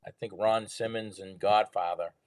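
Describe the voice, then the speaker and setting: A man's voice: fairly low pitch, steady tone, moderate pace, no room sound. A man from New England, a guest in a casual interview, telling earnest, rambling stories. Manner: earnest, rambling storyteller with restarts. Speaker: guest, drummer and record store owner.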